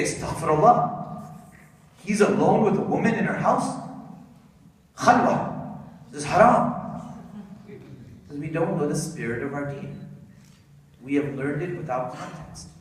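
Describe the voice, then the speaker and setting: A man giving a sermon at an Islamic center, telling a story with lively emphasis and asking the audience questions. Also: a little high. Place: large hall of an Islamic center. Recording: echoey hall, distant mic, faint noise.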